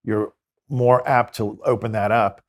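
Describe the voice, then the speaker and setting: Low-pitched priest guy telling stories earnestly, quoting people as he goes. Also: steady tone, a little slow. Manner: earnest, tells stories with quoted dialogue. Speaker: Catholic priest and exorcist. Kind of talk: conversational interview storytelling.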